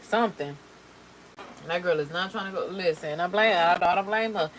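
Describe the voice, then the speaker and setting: A woman's voice: fairly low pitch, moderate pace, slight background noise, low-quality recording. A woman chatting casually while doing her makeup on camera. She talks in slang and repeats words for emphasis. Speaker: beauty vlogger.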